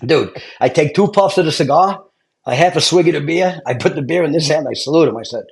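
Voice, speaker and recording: A middle-aged man from Brooklyn with a New York accent, a retired fire lieutenant telling animated stories and acting out quotes. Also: a little high, fast. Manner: animated storyteller, acts out quotes, laughs often. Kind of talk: casual storytelling chat.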